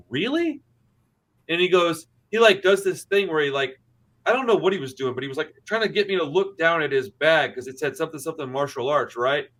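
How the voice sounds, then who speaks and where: A man co-hosting a podcast, telling a story in casual, profane chat and acting out the dialogue. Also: a little high. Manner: animated, profane, acts out dialogue. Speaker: podcast co-host.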